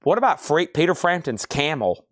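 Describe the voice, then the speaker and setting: Hosting a live-streamed record sale, a man rattles off items and prices rapidly, tossing in chatty asides. His fairly high voice is very animated, with clean studio sound and no echo.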